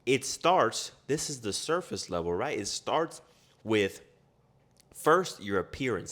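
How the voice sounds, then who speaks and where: A man delivering a self-improvement pep talk in a somewhat low voice. He is blunt and profane, and he hammers his points home with strings of quick rhetorical questions. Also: sing-song, fairly bright tone. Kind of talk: motivational monologue.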